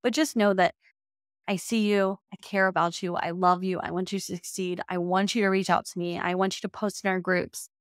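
A young adult business coach speaks emotionally on her own podcast, casual and heartfelt, often saying "y'all" and at moments nearly crying. Her voice is on the low side, steady and fairly quick, in a dry recording without room sound.

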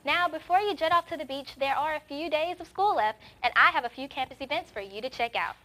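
A woman's voice: high-pitched, brisk, sharp tone. A young woman presenting campus event announcements in a cheerful, breezy scripted read. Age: young adult.

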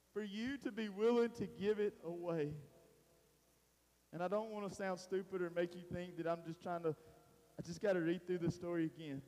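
A man preaches in a high voice, talking to his congregation like friends and often restarting his sentences. His voice carries a long reverb from a church hall. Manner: casual Southern preaching, lots of "man" and restarts. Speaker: pastor. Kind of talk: sermon.

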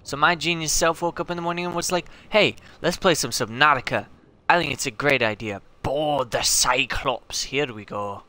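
Man commentating his gameplay, excitable, cracks jokes, sharp tense tone. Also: a little high, fairly quick, clean tone. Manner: excitable, jokey, exclaims often. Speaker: gaming channel host. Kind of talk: let's play commentary.

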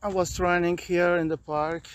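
Weary, agitated man with a high voice. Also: level tone, clear, resonant tone. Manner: agitated, weary, halting non-native English. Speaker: vlogger. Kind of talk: personal video complaint. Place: outdoors in a park.

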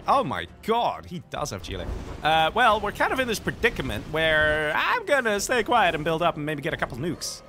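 A man's voice: a little high, wildly swooping pitch, moderate pace, sharp tone. A man giving casual, self-mocking commentary while playing a strategy game online, laughing often. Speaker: game streamer. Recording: faint game music behind.

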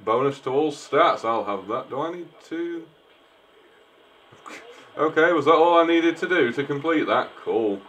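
A man's voice: a little high, animated, a little slow, long pauses, fairly bright tone, a little hiss or hum. A man giving casual joking commentary while he plays a game, talking back to the characters. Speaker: gameplay streamer. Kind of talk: casual let's-play commentary.

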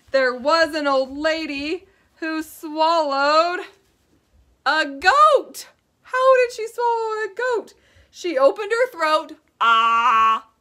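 Brief: young female preschool teacher, sing-song and unhurried, high-pitched. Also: pushed and bright. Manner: sing-song, drawn-out phrasing for small children. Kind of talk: children's lesson and nursery rhymes.

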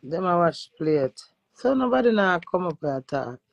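A woman's voice: on the low side, very animated, normal speed, vocal fry, lo-fi sound. A Jamaican woman who is a social media influencer, chatting brashly and profanely in patois with her live-stream viewers. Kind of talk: casual live-stream chat.

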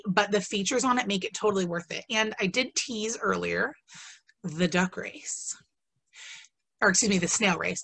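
Hiccuping through a casual instructional webinar, a female teacher speaks at medium pitch with a fairly bright tone. Her delivery is chatty and eager, peppered with ums and side comments.

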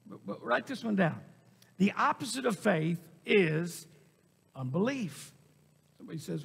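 A high-voiced man preaches a sermon, his tone gravelly and husky. He hammers his points with repetition and bursts into shouts. His voice rings with the long reverb of a church hall. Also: very animated, unhurried. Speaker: pastor. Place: church sanctuary.

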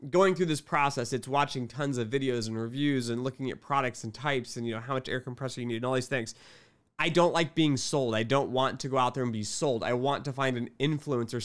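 A middle-aged man talking casually to camera about finance work, telling candid stories and acting out both sides of sales pitches. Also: smooth. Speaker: quant finance commentator.

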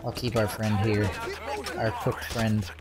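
A man's voice: on the low side, flat delivery, measured pace, over loud music. A man giving casual, joking commentary while playing a video game with a friend. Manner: joking, wry remarks. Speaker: let's play commentator.

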